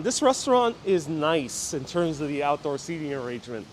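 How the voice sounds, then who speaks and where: A man's voice: a little high, sing-song, normal speed, a little hiss or hum. A man from New York City hosting a live walking tour outdoors, chatting with viewers and reading out and answering their comments. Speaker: walking-tour livestream host.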